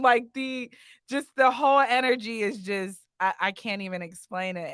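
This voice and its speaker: Slow, bright-voiced woman host. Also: a little high, clear, resonant tone, no echo. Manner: effusive, reads viewer comments aloud. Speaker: podcast host. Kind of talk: casual live-stream interview.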